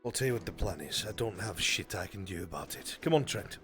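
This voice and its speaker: A man streaming a VR roleplay, giving gruff orders as a commander and trading crude banter with his players. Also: low-pitched, lively intonation, brisk, fairly bright tone. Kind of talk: live VR roleplay, in and out of character. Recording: voice chat over background music. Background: music.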